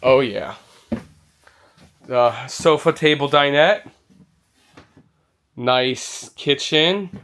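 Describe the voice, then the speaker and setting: A man's voice: mid-range voice, extremely slow, long pauses, a bit bright. A man touring an indoor RV show, giving an enthusiastic walkthrough and exclaiming over features. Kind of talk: walkthrough vlog.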